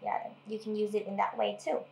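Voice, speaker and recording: A woman from Thailand casually teaching language, explaining patiently and repeating words slowly. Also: medium pitch, fairly even intonation, vocal fry, a little mellow, roomy sound, low-quality recording.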